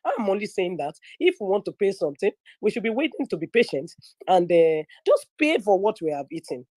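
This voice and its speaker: A young woman from northern Nigeria with a Nigerian English accent, telling a story in a lively, chatty way and slipping into pidgin. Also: mid-range voice, brisk, no echo. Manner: animated, mixes pidgin, acts out quoted voices. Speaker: guest speaker in an online audio room. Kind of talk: casual storytelling. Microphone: phone or headset in an online audio room.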